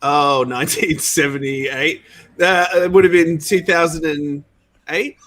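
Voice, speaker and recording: A man with a slightly higher voice, a game creator guesting on a podcast. He tells stories in an animated, chatty way, laughing often and filling his talk with "like". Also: unhurried. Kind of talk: casual storytelling.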